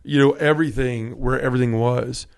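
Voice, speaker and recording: A man with a mid-pitched voice hosts a relaxed, conversational podcast. He talks earnestly and from the heart, often stopping to restart his sentences as he works through his thoughts. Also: brisk, gravelly, smooth. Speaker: podcast host.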